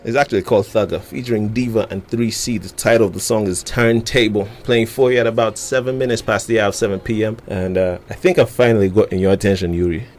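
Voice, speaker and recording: Male radio host, chatty, stumbling delivery, slightly low voice, soft music underneath. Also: fairly even intonation, quick pace, hardly any pauses. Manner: chatty, laughs easily, stumbles over words. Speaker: radio hip-hop show host. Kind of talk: radio interview. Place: radio studio.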